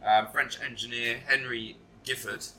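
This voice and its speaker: A man's voice: medium pitch, fairly even intonation, unhurried, sharp tone, low-quality recording. A man hosting a podcast, rambling and joking casually with frequent swearing. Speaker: podcast host. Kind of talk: casual chat.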